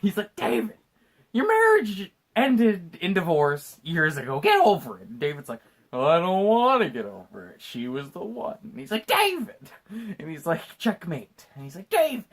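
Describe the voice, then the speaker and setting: A tipsy man on a podcast, recounting a film scene by scene. His pitch swings widely as he jumps into loud put-on voices for the characters, then drops back to his plain chatty tone. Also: big pitch swings, moderate pace. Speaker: podcast host. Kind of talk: casual movie recap chat.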